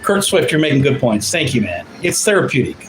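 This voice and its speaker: Loud, profane man in his fifties. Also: medium pitch, sing-song, fairly quick, background noise. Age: 50s. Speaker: livestream commentator. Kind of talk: unscripted ranting livestream.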